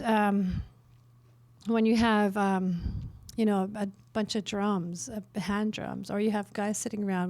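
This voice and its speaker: A middle-aged woman from northern Canada speaks at a worship conference, her mid-range voice recorded close and dry. She tells her stories casually, full of fillers and small self-mocking jokes. She sounds relaxed and speaks freely with her audience. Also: medium pitch, gravelly, no room sound. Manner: lively, self-mocking humor, many fillers. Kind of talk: storytelling in a conference talk. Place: conference workshop room.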